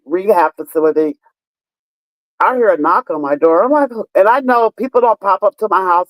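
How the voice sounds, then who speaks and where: A woman in her fifties speaks in a lowish voice on a casual live stream. She talks straight to her viewers, swearing heavily as she tells stories emphatically. The low-quality recording has no room sound.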